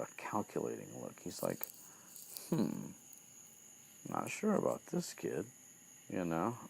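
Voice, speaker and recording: A man's voice: rumbling low, vocal fry. A man casually retelling a book chapter, full of fillers like "like" and "um", with casual swearing. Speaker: podcast host retelling a book. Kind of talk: casual chat.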